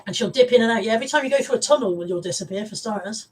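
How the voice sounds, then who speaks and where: A woman's voice: fairly high pitch, racing, breathy edge, recorded from a distance, low-quality recording. A woman hosting a casual live stream, chatty and rambling as she greets viewers. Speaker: live-stream host and reseller.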